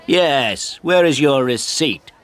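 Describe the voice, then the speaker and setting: A man reading a storybook and voicing a rude male photographer who whines and yelps in a high, strained voice. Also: expressive, slow, clear, resonant tone. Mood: demanding. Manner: shrill, yelping shouts.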